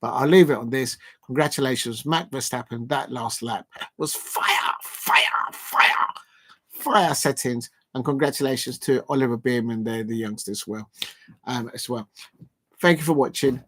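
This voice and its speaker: A man's voice: medium pitch, normal speed. A man hosting a live stream in a casual, playful way, repeating catchphrases and chuckling to himself.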